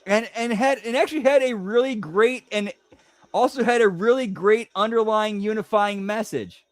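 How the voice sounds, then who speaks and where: A man's voice: high voice, moderate pace, no room sound. A man hosting a casual stream chat, rambling and swearing, correcting himself as he goes. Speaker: stream host.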